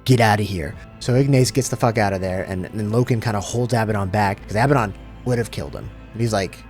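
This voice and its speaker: A man's voice: lowish voice, fast, a little mellow, faint music behind. A young man casually recapping a sci-fi novel in a slangy, profane, rambling way, mixed with read passages. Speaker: lore recap host. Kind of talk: casual comedic book recap.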